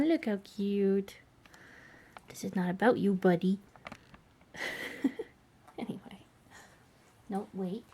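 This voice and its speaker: In this casual dog training vlog, a young woman praises her dog in a bubbly, coaxing baby-talk voice. Her voice sits at a medium pitch with a darkish tone, and there's slight background noise.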